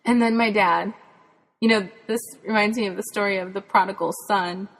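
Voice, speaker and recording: Speaking at a moderate pace in a steady, medium-pitched voice, she reflects earnestly on her own faith journey. She is a podcast host and spirituality author from Texas, and the audio carries a long hall reverb.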